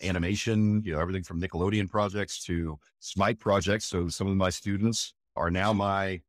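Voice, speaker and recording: Low-voiced enthusiastic male voice actor. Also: steady tone, normal speed, no echo, studio quality. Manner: enthusiastic, emphatic, repeats "again" and "right?". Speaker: voice actor guest. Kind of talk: casual interview chat.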